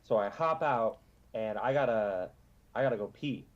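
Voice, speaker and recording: A man's voice: lowish voice, normal speed, muffled recording. A man playing a tabletop role-playing game, describing his character's actions in a laid-back, joking way. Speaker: player. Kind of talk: casual in-character game talk.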